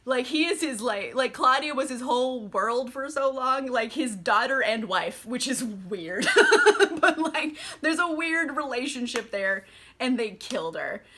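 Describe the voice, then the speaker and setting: A tipsy woman giving a casual book recap, animated, swearing and laughing often. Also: high-pitched, a little slow. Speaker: book reviewer.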